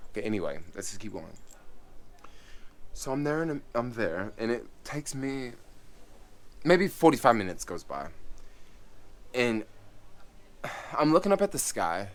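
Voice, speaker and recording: Excitable man telling a storytime vlog. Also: medium pitch, unhurried, pauses often. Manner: animated, excitable storytelling with many fillers. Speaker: vlogger.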